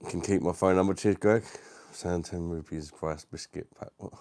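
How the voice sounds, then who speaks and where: This British livestream host greets his viewers from the dining room in a low, darkish, steady voice at normal speed, with no room sound. His chat is easygoing, full of laughter and frequent "mate"s.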